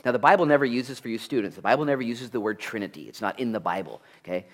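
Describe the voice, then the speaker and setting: A man preaching a sermon at a church, conversational and animated, full of asides and rhetorical questions. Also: mid-range voice, racing. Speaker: pastor.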